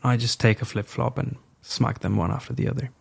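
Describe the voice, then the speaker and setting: A man's voice: medium pitch, steady tone, brisk, creaky, husky. A young man telling a personal story as a podcast guest, frank and reflective, swearing casually.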